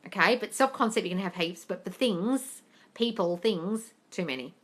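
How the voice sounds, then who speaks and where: A woman's voice: mid-range voice, normal speed. A woman hosting a casual live Q&A on a phone stream, blunt and sweary, calling viewers darling and squealing at comments. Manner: animated, squeals and laughs at comments. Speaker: livestream host answering viewer questions. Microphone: phone livestream.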